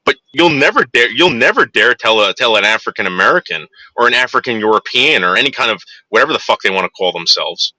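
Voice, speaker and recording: A man's voice: medium pitch, bright, forceful tone, no room sound. A man ranting heatedly to his viewers in a monologue, with profanity and frequent restarts. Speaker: vlogger.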